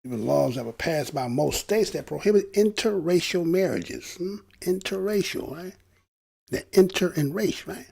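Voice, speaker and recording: A man's voice: high-pitched, normal speed, vocal fry, a little mellow, husky. A man giving casual, preachy commentary to his viewers, often asking them rhetorical questions. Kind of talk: casual talk to camera.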